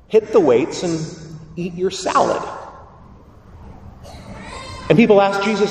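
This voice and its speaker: A man preaching a sermon as a priest, animated and acting out the voices he quotes. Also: high-pitched, normal speed, long pauses, slight background noise. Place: large church. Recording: echoey church heard from a distance.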